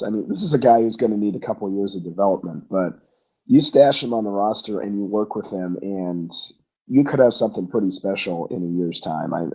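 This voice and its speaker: Lower-voiced man breaking down prospects. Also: dark tone, poor audio. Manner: earnest, analytical, with many fillers. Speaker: podcast co-host. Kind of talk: casual fan podcast chat.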